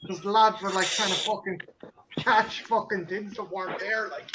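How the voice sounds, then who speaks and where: A man chatting casually with friends, sweary and a bit halting. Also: sits high, fairly even intonation, noisy background. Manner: laid-back, sweary, halting. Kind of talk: casual chat among friends.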